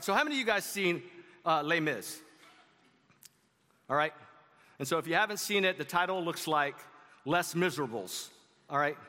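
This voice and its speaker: Man, pastor, conversational sermon, bright tone, reverberant church hall. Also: fairly high pitch. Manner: conversational preaching with asides to the congregation. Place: church sanctuary.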